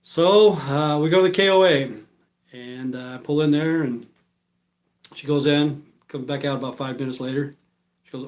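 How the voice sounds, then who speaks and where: A man in his sixties telling a long personal story on a live stream, rambling and blunt, full of fillers, often trailing off quietly at the ends of phrases. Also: a little high, moderate pace. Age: 60s. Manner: blunt and profane.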